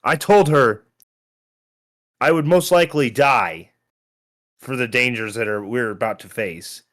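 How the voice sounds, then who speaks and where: A man's voice: a little high, lively intonation, measured pace, sharp tone, voice pushed up. Hot-tempered alliance soldier, played by a man, raised and agitated. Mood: furious. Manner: agitated, scolding. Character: frustrated male soldier of a noble alliance, anxious and hot-tempered.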